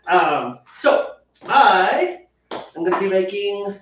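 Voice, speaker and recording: A man's voice: on the high side, animated, normal speed, fairly bright tone, a little hiss or hum. A man co-hosting a homebrewing show, chatting in a playful, joking way. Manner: playful, joking, laughing easily. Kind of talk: casual chat. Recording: roomy, distant, dull sound.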